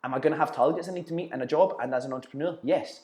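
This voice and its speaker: Young Scottish man, quick and blunt, liberal with swearing; roomy echo. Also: a little high, a little mellow. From Scotland. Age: young adult. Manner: blunt, swears freely, tells stories with quoted banter. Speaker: guest, entrepreneur. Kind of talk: casual interview chat.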